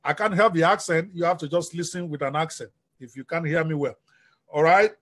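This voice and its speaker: Energetic coach, male, high husky voice, live-stream delivery. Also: brisk. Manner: energetic, preacher-like, asks the audience questions. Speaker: business coach.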